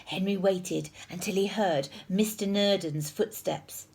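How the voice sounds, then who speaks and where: A woman reading a picture book aloud to children, expressive and sometimes dropping to a hush. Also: medium pitch, measured pace, gravelly, slightly rough. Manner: expressive, hushed in places.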